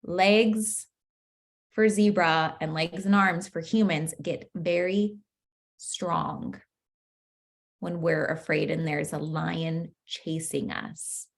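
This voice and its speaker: A woman's voice: lowish voice, steady tone, slow pace, vocal fry. A young adult woman coaching a masterclass in a chatty, playful way, laughing often and saying "like" a lot. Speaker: manifestation coach. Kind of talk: casual masterclass teaching.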